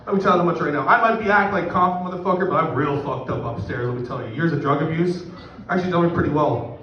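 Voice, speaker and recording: Crude rambling comedian in an echoey room. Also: male voice, fairly high pitch, racing, slight background noise. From Canada. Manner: crude, rambling, self-mocking. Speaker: stand-up comedian. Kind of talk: profane stand-up storytelling. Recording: echoey distant room mic, muffled.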